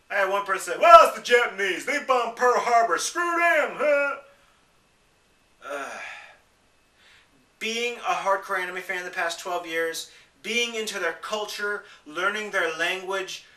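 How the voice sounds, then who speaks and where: A young man ranting to camera in an upset, emotional way, sometimes mocking other people in high voices. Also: bright, forceful tone, echoey room, distant mic. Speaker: vlogger. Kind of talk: upset personal rant to camera.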